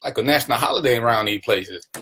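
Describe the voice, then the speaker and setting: A man's voice: mid-range voice, fast, fairly bright tone, breathy edge. A man hosting his own live stream, greeting viewers by name and teasing them in casual, playful banter. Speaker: livestream talk show host.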